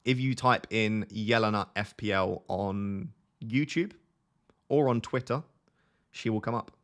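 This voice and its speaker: A young man with a light Essex accent chats casually on a live stream, reading out viewer questions and answering them. He pokes fun at himself and laughs often. His voice sits a little on the low side. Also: a little slow. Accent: light Essex English. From Essex, England. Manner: chatty, self-mocking, laughs often.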